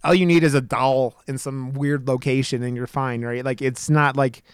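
A man's voice: medium pitch, moderate pace, clean tone, dry recording, studio quality. A man co-hosting a podcast, chatting casually about horror films, swearing and acting out his reactions to scenes. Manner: animated, profane, acts out reactions in a raised voice. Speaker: podcast co-host.

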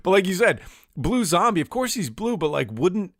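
A man's voice: high-pitched, very animated, normal speed, dry recording, studio quality. A man co-hosting a casual podcast, chatty and laughing often, with lots of "like" fillers. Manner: laughs often, says "like" a lot. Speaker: podcast co-host.

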